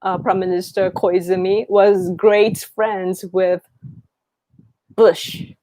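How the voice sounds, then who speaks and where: A woman's voice: medium pitch, flat delivery, takes it slowly, warm tone, no echo. A Japanese woman in her thirties, a native Japanese speaker talking English with a Japanese accent, hosts a casual live Q&A chat and rambles as she searches for her words. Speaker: live-stream host.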